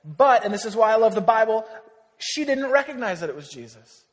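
A man preaching a sermon in a big church hall, his fairly high voice ringing out with a long reverb. He keeps it casual and joking with the congregation, then sinks to a near hush on the lines that matter most. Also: big pitch swings, a little fast. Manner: conversational preaching with jokes, dropping to a hushed voice on key lines. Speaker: pastor.

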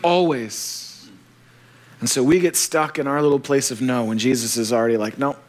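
A man preaching a sermon, animated and joking, acting out the voices of the people he quotes. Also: medium pitch, normal speed. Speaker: pastor.

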